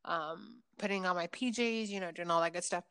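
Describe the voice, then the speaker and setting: A woman in her thirties chatting casually as a host. She tells a long personal story, full of fillers and quick asides, and acts out her own lines as she goes. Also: on the low side, clean tone. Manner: chatty, many fillers, lively retelling.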